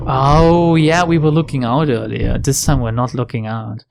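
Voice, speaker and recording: A woman's voice: extremely low pitch, fairly even intonation, normal speed, gravelly, hardly any pauses, a little mellow, slight background noise. A woman hosting a let's-play video, commenting on the game in a wry, casual way and swearing now and then. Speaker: gaming video host.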